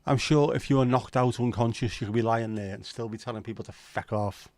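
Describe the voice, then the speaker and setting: A man's voice: mid-range voice, fairly quick, a little mellow, dry recording. A man hosting a casual livestream chat, joking and teasing his viewers in loose banter. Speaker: livestream host.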